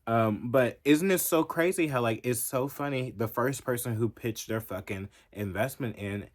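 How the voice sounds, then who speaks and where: A man's voice: mid-range voice, normal speed. A man giving a heated, profane, emphatic reaction commentary as a vlogger.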